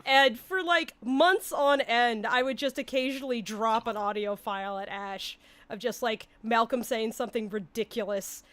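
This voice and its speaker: A woman's voice: a little high, moderate pace, few pauses, fairly bright tone, a little hiss or hum. A woman on a cast stream telling stories in casual chat, giggly and full of quoted asides.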